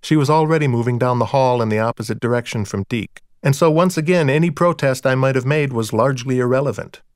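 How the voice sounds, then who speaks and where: A man narrating a first-person audiobook in a dry, wry, deadpan manner. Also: mid-range voice, fast, dry recording.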